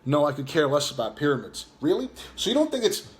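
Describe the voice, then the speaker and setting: A man's voice: on the high side, sing-song, quick pace. A man with a New York accent from Long Island, ranting in casual live chat, taunting and mocking a viewer with lots of fillers. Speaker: live stream host.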